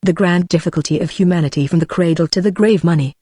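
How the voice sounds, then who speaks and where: A text-to-speech woman's voice with a British English accent, reading a classic novel aloud at a steady, measured pace without voicing the characters. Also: on the low side, slightly rough, dry recording, clean studio sound. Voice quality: synthetic, evenly paced. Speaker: audiobook narrator.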